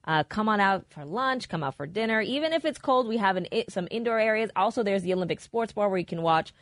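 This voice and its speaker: A middle-aged woman co-hosting a radio show, promoting a local event with quick enthusiasm. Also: medium pitch, expressive, dry recording, clean studio sound.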